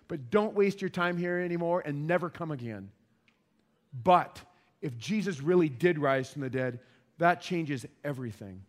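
A man preaching a sermon, driving home his points with repetition and direct questions to the congregation. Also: sits high. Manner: emphatic, repeats key points, asks the audience questions. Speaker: pastor.

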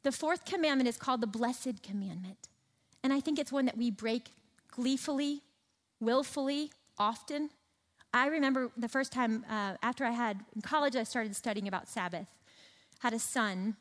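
A woman's voice: a little high, a bit bright, big-room sound. A woman preaching a sermon, emphatic, repeating phrases for rhythm. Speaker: speaker at a church teaching session.

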